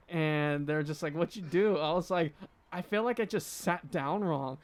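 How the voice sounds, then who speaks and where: A man's voice: on the high side, normal speed. A young man in his twenties, co-hosting a podcast, telling a story in casual chat and acting out what others said. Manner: animated, laughing storyteller acting out quotes. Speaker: podcast co-host.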